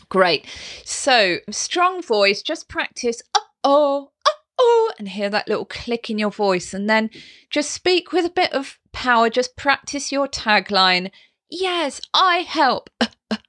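A woman's voice: medium pitch, fairly bright tone. A woman voice coach hosting a podcast, giving tips in a bubbly, encouraging way. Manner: bubbly and encouraging, with playful vocal demonstrations. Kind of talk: instructional podcast talk.

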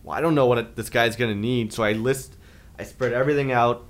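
A man co-hosting a podcast, telling a long story in casual chat, rambling and getting animated when he quotes other people. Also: mid-range voice, fast talker. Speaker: podcast co-host.

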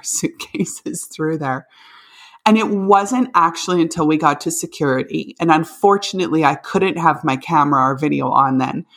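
Low-voiced woman telling a family story. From Canada. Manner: animated, laughs while telling. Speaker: vlogger. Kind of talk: casual storytelling.

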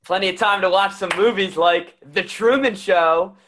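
Higher-voiced young man, teasing podcast host. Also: normal speed, fairly bright tone, slight background noise. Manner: teasing, joking. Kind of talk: casual chat.

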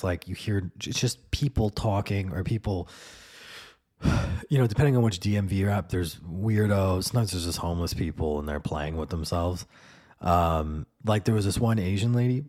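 A man's voice: low-pitched, normal speed, darkish tone. A man hosting a podcast, rambling through a casual monologue with lots of fillers and swearing. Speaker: podcast host.

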